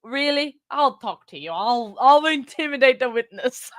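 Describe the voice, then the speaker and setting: A woman's voice: high-pitched, lively intonation, a little slow, no room sound, clean studio sound. A woman, casually chatting with her livestream chat, playful and giggly, a bit out of breath. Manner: giggly, playful, rambling with frequent laughs. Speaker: livestream host.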